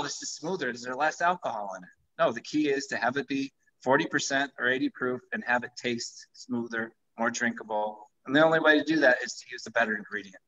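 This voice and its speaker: Bright-voiced man, enthusiastic pitch. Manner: enthusiastic, pitching his product. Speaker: vodka company founder. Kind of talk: live-streamed conversation. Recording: dull lo-fi livestream audio.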